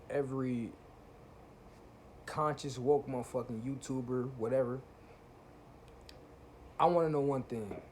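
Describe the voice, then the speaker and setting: A man's voice: medium pitch, a little mellow, slight background noise. A man talking to camera in a casual spiritual monologue, preachy and profane, often asking if listeners feel what he's saying. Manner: preachy, repeats "you feel what I'm saying", swears freely. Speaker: channel host.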